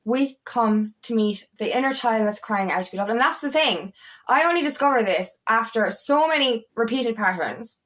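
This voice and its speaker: A woman with a fairly high voice gives a casual, heartfelt monologue as a self-love coach. She swears freely and stumbles over repeated words as she thinks aloud. She swings from high, fervent peaks down to low, quiet asides. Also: animated, moderate pace. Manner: emphatic, swears freely, repeats words while finding them.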